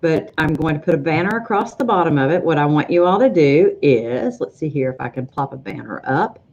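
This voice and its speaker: A woman hosting a live sewing-software show, greeting viewers in a chatty, rambling way with frequent ums. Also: sits low, muffled recording, a little hiss or hum. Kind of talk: casual livestream chat greeting viewers.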